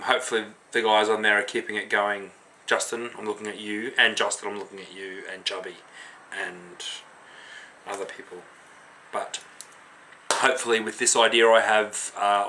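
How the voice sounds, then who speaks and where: A man's voice: fairly low pitch, pushed and bright, a little hiss or hum. A tipsy man with an Australian accent, rambling and swearing in a casual rant to his vlog viewers about homebrewing and beer. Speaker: homebrewing vlogger.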